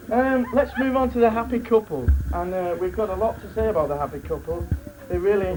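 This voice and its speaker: A man with a high-pitched voice gives a joking best man speech at a wedding reception, laughing between lines and restarting his sentences. The recording is low quality, with loud crowd noise from the live reception room.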